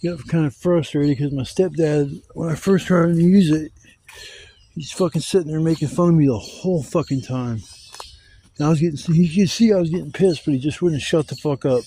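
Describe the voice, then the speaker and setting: Man, camping vlogger, rambling, profane, warm dark tone, outdoors in woods, faint background noise. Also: on the high side, moderate pace. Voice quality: profane, rambling, Southern-style speech. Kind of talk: casual outdoor vlog. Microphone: camera mic, handheld gimbal.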